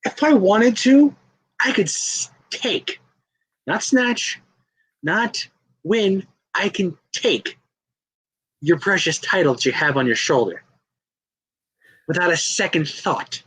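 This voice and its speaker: A man voicing an imposing woman wrestler, making slow, menacing threats at the champion. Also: medium pitch, very animated, pushed and bright, slightly rough, exaggerated voice, poor audio. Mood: scornful.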